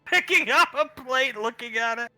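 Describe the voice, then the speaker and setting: A man's voice: very high-pitched, moderate pace, sharp tone, soft background music. A man narrating his character's actions in a live-streamed tabletop role-play.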